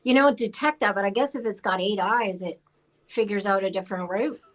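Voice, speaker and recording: A hoarse woman talking in a casual panel chat, chatty and laughing often. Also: mid-range voice, brisk, poor audio. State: hoarse after laryngitis.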